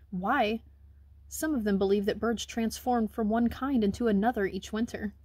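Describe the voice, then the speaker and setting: Woman, children's book read-aloud, husky, mid pitch, gentle expressive telling, dry close sound. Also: no echo. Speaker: reader.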